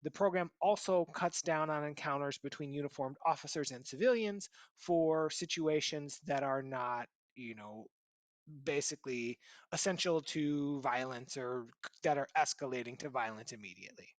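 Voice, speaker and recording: Male co-host, a touch higher voice, measured and explanatory, dry close recording. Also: no room sound. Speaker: podcast co-host. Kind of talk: reading and discussing news stories.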